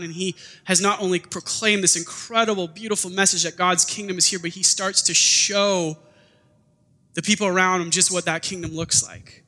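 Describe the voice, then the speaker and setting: With a bright, high voice, a pastor delivers a sermon in a relaxed, conversational style, animatedly performing little quoted lines as he goes. A long echo from the church hall rings around his words.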